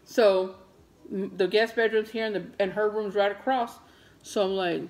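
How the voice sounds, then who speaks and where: Animated woman vlogging. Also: mid-range voice, unhurried. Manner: animated, dramatic storytelling. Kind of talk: casual vlog chat. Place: at home.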